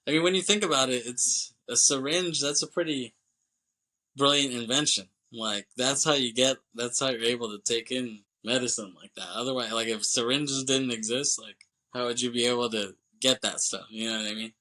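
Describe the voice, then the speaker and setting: Bright-voiced man recapping a movie. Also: medium pitch, fairly even intonation, moderate pace. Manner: rambling, filler-heavy storytelling with casual swearing. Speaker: podcast co-host.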